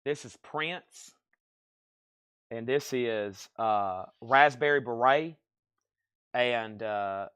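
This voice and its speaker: A man's voice: medium pitch, fairly bright tone, smooth, no echo. Man calling record prices, close and dry. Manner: brisk price calls, chatty asides. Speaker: live auction seller. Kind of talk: live-stream record sale.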